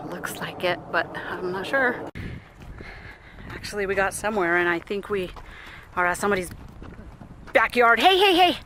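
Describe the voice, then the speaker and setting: Out on a trail with her family, a young woman narrates her vlog in a fairly low voice at normal speed, leaving long pauses. She's chatty, laughs a lot, coos at her toddler, and sounds winded from walking. Heavy background noise fills the clip.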